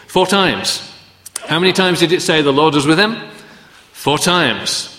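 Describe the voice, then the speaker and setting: A man delivers a teaching sermon in a bright, forceful voice. He often restarts his sentences and checks in with his listeners through tag questions. The sound rings out with the long reverb of a large hall. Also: on the high side, animated, a little slow, pauses often. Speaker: preacher. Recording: echoey hall.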